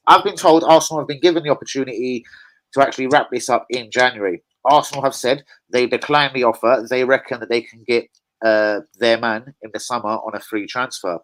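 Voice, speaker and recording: A man hosts a live football fan stream at a middle pitch. He chats loosely and swears often, hopping between the guest and the viewer comments. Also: steady tone, fairly quick, a bit bright, rough recording. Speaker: fan channel host. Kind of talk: live football preview chat.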